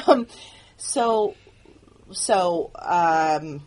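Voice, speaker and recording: A woman who writes and produces the show, speaking candidly in an audio commentary with earnest, halting phrasing and frequent restarts. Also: on the low side, lively intonation, darkish tone.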